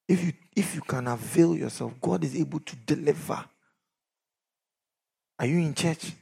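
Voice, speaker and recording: A middle-aged man preaching a sermon, swinging from shouts down to near whispers. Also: a little high, creaky, slightly rough. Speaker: pastor.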